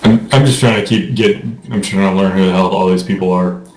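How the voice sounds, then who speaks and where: A man's voice: low-pitched, brisk, reverberant, soft background music, rough recording. A man playing in a tabletop game, speaking hesitantly with stammers. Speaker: player. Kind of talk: casual tabletop play.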